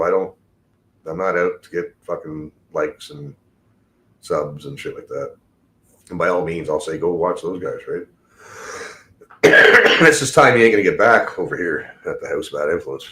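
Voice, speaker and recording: Man, very low voice, casual livestream host, rambling, heavy cursing. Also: fairly bright tone. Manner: rambling and heavily profane. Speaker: tradesman.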